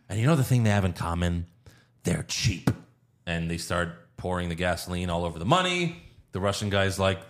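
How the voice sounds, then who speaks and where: A man's voice: low-pitched, animated, a little fast. A man co-hosting a podcast, casually recapping a movie scene by scene, acting out the lines and swearing freely. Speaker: podcast co-host. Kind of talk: casual movie review chat.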